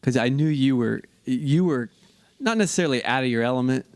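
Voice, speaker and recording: A man's voice: mid-range voice, lively intonation, fairly quick, a little mellow. A man on a casual podcast who mostly chimes in with short affirmations. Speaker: podcast co-host.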